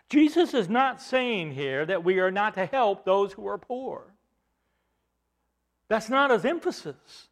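Male preacher, high voice, sermon delivery that climbs and falls for emphasis. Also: expressive, takes it slowly, fairly bright tone. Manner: rising and falling emphasis, repeats words while building points.

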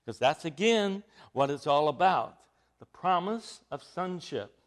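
A male preacher with a high voice that swings widely as he teaches. He speaks slowly and deliberately, building to emphatic, rising bursts. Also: lively intonation. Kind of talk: sermon.

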